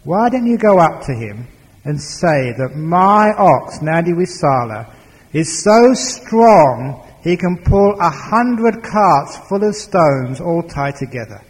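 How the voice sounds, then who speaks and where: A wise, strong ox as a storyteller puts it on, steady and sure of himself. The voice sits a little high. The recording echoes with a long hall reverb. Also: male voice, slow pace. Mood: confident. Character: clever gentle strong male ox.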